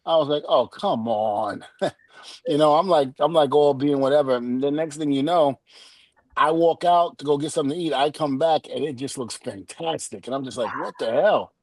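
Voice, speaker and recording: A middle-aged man tells a story on a podcast, with a fairly high-pitched voice. He acts out every quoted line and laughs as he goes. His voice is close and dry, with no room sound. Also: a little fast, darkish tone, dry recording. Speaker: podcast guest. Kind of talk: casual storytelling chat.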